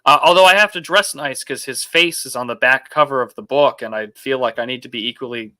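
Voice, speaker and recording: A man's voice: mid-range voice, brisk, pushed and bright, dry recording. A young man hosting a casual livestream podcast, rambling with fillers as he reads out viewer messages. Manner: rambling, lots of fillers, reads super chats. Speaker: podcast host.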